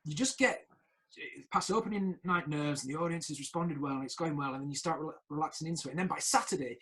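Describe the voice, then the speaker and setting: A man's voice: on the high side, fast, fairly bright tone, rough recording. A man hosting a casual podcast chat, telling theatre stories animatedly and laughing often. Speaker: podcast host.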